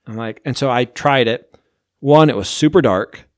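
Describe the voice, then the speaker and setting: A man's voice: medium pitch, normal speed, no echo, studio quality. A man hosting a podcast, chatting casually and rambling through a ranking of TV shows, with lots of "like". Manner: rambling, heavy use of "like". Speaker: podcast host.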